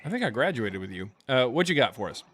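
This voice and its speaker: A man's voice: mid-range voice, very animated, fast, a bit bright. A man hosting a live stream, reading super chats in a casual, jokey, rambling way with many fillers.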